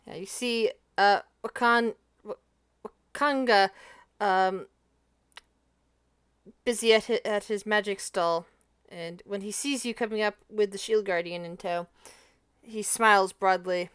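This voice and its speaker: A woman's voice: medium pitch, unhurried, pauses often, a bit bright, clean tone, dry recording, clean studio sound. A woman with an Appalachian accent, running a tabletop game and chatting with laughs and stumbles. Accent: Appalachian American. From Appalachia, USA. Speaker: game master.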